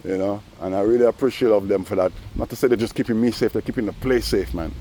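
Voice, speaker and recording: Rambling low-voiced man outdoors. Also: quick pace, mellow. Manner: rambling, sprinkled with "you know". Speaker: vlogger. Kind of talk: casual vlog monologue. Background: faint traffic noise.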